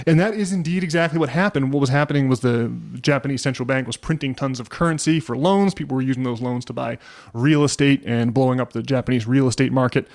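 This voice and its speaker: A man co-hosting a casual podcast chat, his voice sitting at an ordinary middle pitch. He rambles through his points with frequent restarts and fillers. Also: fast, a little mellow. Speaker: podcast co-host.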